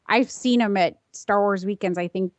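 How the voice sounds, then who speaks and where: A woman's voice: medium pitch, moderate pace, no room sound. A woman in a casual podcast chat, talking with enthusiasm.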